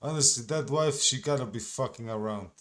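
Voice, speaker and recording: A man's voice: medium pitch, fairly quick, a bit bright. A man commentating on a clip in a profane, mocking, rambling rant. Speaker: reaction commentator.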